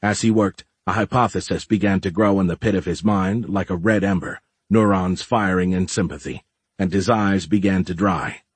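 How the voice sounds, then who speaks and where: Male narrator, audiobook reading, husky low voice, dry close sound. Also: no echo. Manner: steady, measured storytelling.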